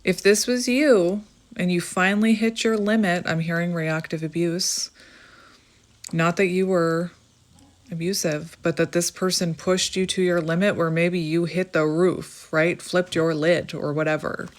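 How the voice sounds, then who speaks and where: A woman's voice: lowish voice, fairly even intonation, a little slow. A woman giving an earnest, emotional tarot reading to the viewer, reassuring them and reading passages aloud. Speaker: tarot reader.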